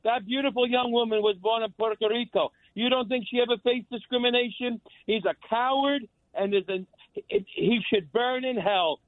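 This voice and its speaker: A man's voice: extremely high pitch, normal speed, no echo. A male caller ranting heatedly on a talk radio show. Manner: heated, denouncing. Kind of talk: angry call-in rant. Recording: tinny phone line.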